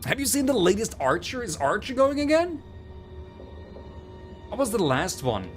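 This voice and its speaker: A man's voice: high voice, very animated, normal speed. A man commenting on a game as he streams, with sarcastic and chatty asides. His voice moves up and down a lot, with faint game music underneath. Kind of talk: live gameplay commentary.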